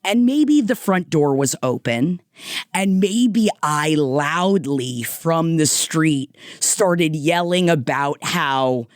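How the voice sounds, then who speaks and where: A woman co-hosting a podcast, telling an animated, profane story in casual chat. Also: deep voice, slow pace, no echo, clean studio sound. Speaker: podcast co-host.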